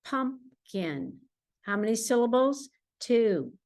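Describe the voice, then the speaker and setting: A woman teacher explaining reading games to parents at home, patient and clear, slowing down to model words the way she would for a child. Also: mid-range voice. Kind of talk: instructional talk to parents.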